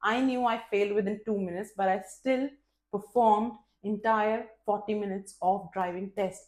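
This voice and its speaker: A woman vlogger telling a personal story in a candid, expressive, casual way, swearing freely and poking fun at herself. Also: medium pitch. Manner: candid and expressive, with frequent swearing and self-mocking humor. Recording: roomy echo.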